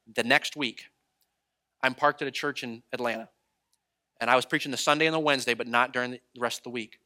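Bright-voiced man preaching a story sermon. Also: mid-range voice, brisk. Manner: animated storytelling, acts out quoted voices. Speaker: traveling preacher.

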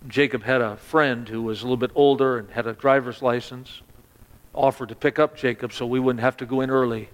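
A man stands preaching, telling his story in a plain, mid-pitched voice. He stammers through restarts and drops almost to a whisper at the sorrowful turns. His words hang in a hall's long reverb. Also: fairly even intonation, brisk. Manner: stammering restarts, dropping to a hush at sad moments. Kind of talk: sermon storytelling.

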